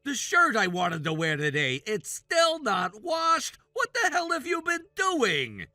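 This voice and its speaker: A man voicing a demanding, sexist jobless brother-in-law in his thirties for a text message story, yelling orders and insults. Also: high voice, very animated, a little slow, no echo, studio quality, heavily acted. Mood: angry. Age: 30s.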